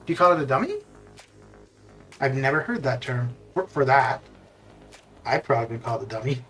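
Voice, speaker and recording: A man's voice: mid-range voice, moderate pace, sharp tone, faint music behind. A man chatting casually while streaming a game, rambling with lots of fillers and restarts. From Canada. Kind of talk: casual chat while gaming live.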